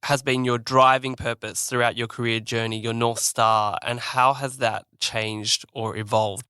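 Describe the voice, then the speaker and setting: A man's voice: mid-range voice, level tone, unhurried, sharp tone, clear, resonant tone, no room sound, studio quality. A man co-hosting a podcast, asking questions in a friendly, upbeat way. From Australia. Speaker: podcast co-host. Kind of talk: casual interview hosting.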